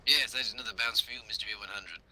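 Guy doing a hammy posh-officer bit over gameplay, very bright voice, swears a lot. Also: on the low side, racing. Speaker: gaming commentator. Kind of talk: mock-posh gameplay banter.

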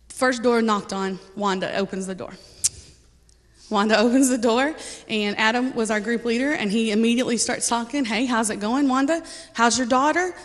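In a church sanctuary, a woman with a fairly high voice offers her personal testimony to the congregation. She comes across as casual and earnest, sprinkling in ums and soft laughter, while the reverberant hall echoes around her.

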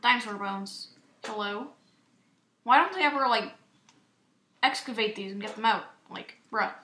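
A young woman giving casual, excitable gameplay commentary as a YouTuber, chatty and self-mocking. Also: a little high, moderate pace. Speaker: gaming YouTuber. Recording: echoey room with faint noise.

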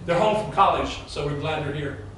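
A man's voice: fairly high pitch, brisk, background noise. A middle-aged man preaching a sermon as pastor, telling a story in a conversational way and speaking to the congregation. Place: large church sanctuary. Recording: very echoey hall, mic far off.

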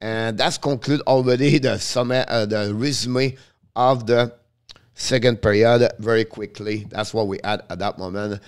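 Male hockey commentator, smooth voice, choppy English, rapid live play-by-play. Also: fairly low pitch, steady tone. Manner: halting non-native English, rapid call of the action; chats with viewers between plays.

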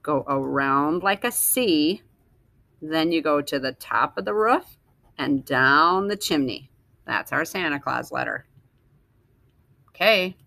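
A woman teacher slowly sounding out letters and words for young children in a phonics lesson. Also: deep voice, lively intonation, gravelly, sharp tone, no room sound. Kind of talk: early-reading phonics lesson.

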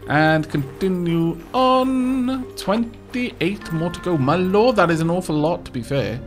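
Over soft background music, a man with a high-sitting voice and lively intonation talks at an unhurried pace. He's hosting a casual let's play, chatting as he goes, poking fun at himself and stammering as he restarts sentences.

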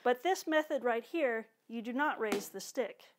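A woman's voice: a little high, animated, moderate pace, very noisy. A woman drum teacher patiently explaining a technique, now and then vocalizing drum strokes. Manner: clear, patient explaining with spoken drum sounds. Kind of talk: instructional demonstration. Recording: loud drumming behind the voice. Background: drums.

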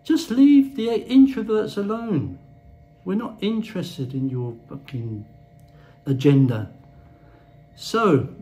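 A man's voice: on the high side, a little mellow, rough recording. A man delivering a blunt, crude ranting monologue to camera as a vlogger. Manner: blunt, crude, swears freely.

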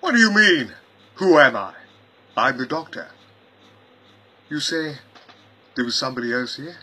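A man playing an eccentric, chuckling gentleman time traveller who rambles and mutters to himself in a fan-made audio parody. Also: mid-range voice, very animated, measured pace, husky, heavily acted.

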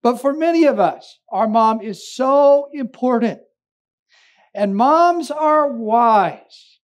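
A man's voice: very high voice, expressive, slow pace. A man, a pastor, preaching a sermon with humorous storytelling and emphatic repetition.

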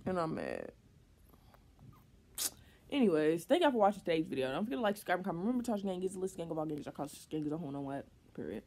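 A young woman vlogging casually to her viewers, excitable and slangy, swinging between laughter and frustration. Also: on the low side, very fast, hardly any pauses, breathy edge. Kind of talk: casual vlog chat to camera.

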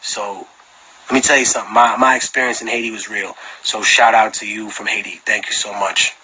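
A husky, very bright-toned man, chatting and telling rowdy stories to fans over a live stream. He swears freely and laughs a lot, and the sound is thin and lo-fi, like a phone picked up over the radio. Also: on the low side, fairly quick. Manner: animated, swearing storyteller who laughs often. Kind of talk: casual storytelling chat.

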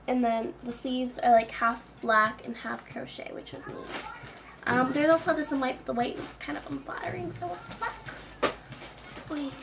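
A woman's voice: sits high, steady tone, moderate pace, creaky, a bit bright, slight background noise. A young woman chatting casually in a clothing haul video, full of "like" and self-mocking asides. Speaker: vlogger.

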